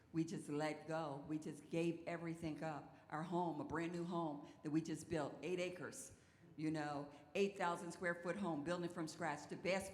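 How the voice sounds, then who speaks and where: A woman pastor preaching a sermon in an animated storytelling way, her voice rising into exclamations. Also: deep voice. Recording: echoey hall with long reverb.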